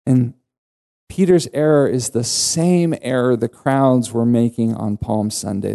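Slow, mellow-voiced male preacher. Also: medium pitch, creaky. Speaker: pastor. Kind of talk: sermon.

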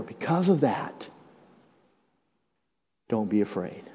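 A male pastor preaching a sermon, swinging from hushed, drawn-out phrases to raised, urgent appeals and calling on the congregation to repeat lines after him. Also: medium pitch, slightly rough. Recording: dull, lo-fi sound with long hall reverb.

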